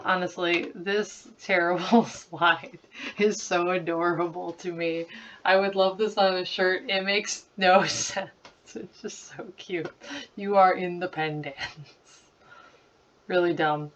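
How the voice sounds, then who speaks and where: A woman's voice: lowish voice, steady tone, measured pace, recorded from a distance, slight background noise. A woman around thirty giving chatty, giggly commentary over a screen recording of her old slideshows, full of "like" fillers. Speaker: creator revisiting her childhood slideshows. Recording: slightly muffled lo-fi recording.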